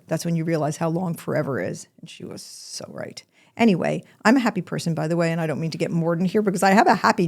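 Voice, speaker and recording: Candid older woman with a gravelly voice. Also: lowish voice. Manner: candid, emotional, animated storytelling. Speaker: podcast host. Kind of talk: personal storytelling monologue.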